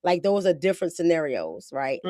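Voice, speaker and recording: A woman's voice: deep voice, big pitch swings, normal speed, dark tone, no echo, clean studio sound. A woman hosting a podcast, talking bluntly in casual slang, often acting out quotes. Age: adult with a daughter. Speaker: podcast host.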